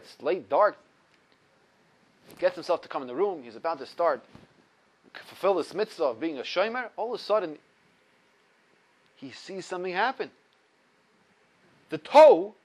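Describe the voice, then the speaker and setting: A Torah teacher with a high-pitched voice gives a religious ethics lesson. He tells a story animatedly, swinging widely between loud and soft.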